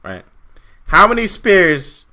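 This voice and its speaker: A man's voice: high-pitched, huge pitch swings, takes it slowly, pushed and bright. A young man co-hosting a casual wrestling review podcast, ranting with lots of swearing and repetition. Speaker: podcast co-host.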